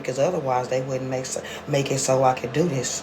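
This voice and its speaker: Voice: mid-range voice, a little fast, few pauses. Vlogger, mid-range voice. Loose, slangy monologue that leans into fervent preaching. Faint noise under the recording. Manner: fervent, preachy talk about prayer and crying; casual street slang and drawl. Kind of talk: personal vlog monologue.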